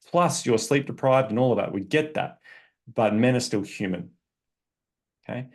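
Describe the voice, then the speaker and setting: A man's voice: lowish voice, gravelly, darkish tone. A man speaking as a relationship coach on a podcast, explaining emphatically with examples and frequent check-ins. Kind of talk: casual podcast conversation.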